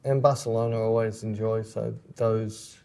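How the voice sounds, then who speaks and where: A man's voice: fairly low pitch, flat delivery, moderate pace, a little mellow. A man with an Australian accent, co-hosting a podcast in casual chat, dry and teasing. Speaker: podcast co-host, photographer.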